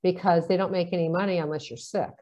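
A woman's voice: fairly low pitch, fairly even intonation, fast talker, mellow. A woman in casual conversation, chatty, telling stories and acting out the dialogue in them. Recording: dull lo-fi sound.

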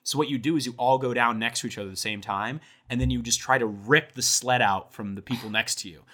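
A man's voice: mid-range voice, fast talker, bright, forceful tone. A young man, co-hosting a podcast, who tells stories casually and animatedly, swearing and acting out voices. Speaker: podcast co-host. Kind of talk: casual chat.

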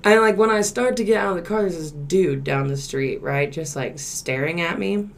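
Low-pitched woman, young, casual storytelling, faint hiss behind. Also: normal speed, gravelly. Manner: laid-back, swears a lot, loud when acting out quotes. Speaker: podcast co-host.

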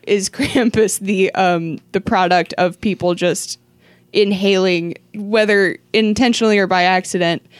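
A young woman co-hosting a casual podcast chat, animated and quick to laugh as she tells a story. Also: mid-range voice, clean tone, dry recording. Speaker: podcast co-host.

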